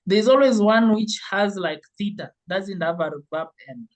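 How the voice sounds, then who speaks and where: Slow chill teacher on a zoom call, laughs a lot. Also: medium pitch, low-quality recording. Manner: patient, slow, laughs often. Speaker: Swahili teacher. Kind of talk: online language class. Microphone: video call.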